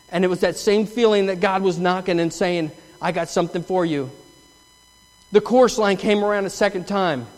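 A man with a notably high voice tells his story earnestly and with feeling, as a testimony from the front of a church. His words ring out into the long reverb of a large sanctuary. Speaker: church member giving testimony. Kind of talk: testimony sermon.

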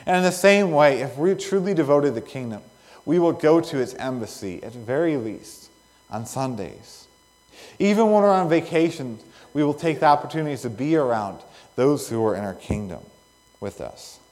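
Earnest pastor preaching in echoing hall. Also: male voice, medium pitch, lively intonation, a little mellow. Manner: earnest, rising and falling emphasis with pauses. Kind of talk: sermon. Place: church sanctuary. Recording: long reverb of a church hall.

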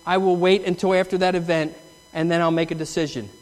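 A man with a notably high voice tells his story earnestly and with feeling, as a testimony from the front of a church. His words ring out into the long reverb of a large sanctuary. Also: little pitch movement, fast. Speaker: church member giving testimony. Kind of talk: testimony sermon.

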